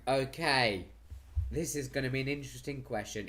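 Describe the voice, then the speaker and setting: A man's voice: mid-range voice, fairly quick, a bit bright. A man chats cheerfully as host of a live stream. He is losing his voice and keeps up a loose, rambling patter. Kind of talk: casual live stream chat.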